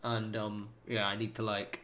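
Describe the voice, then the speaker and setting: A man's voice: fairly low pitch, monotone, normal speed, sharp tone. A man streaming a game, chatting casually in a rambling, sweary way with lots of fillers. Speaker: gaming streamer. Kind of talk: casual chat while playing.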